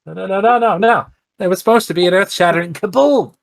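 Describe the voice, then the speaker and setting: A man voicing a flustered little male goblin villain in a Marvin the Martian impression, with a high, sputtering, indignant delivery. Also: quick pace, creaky. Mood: sputtering outrage.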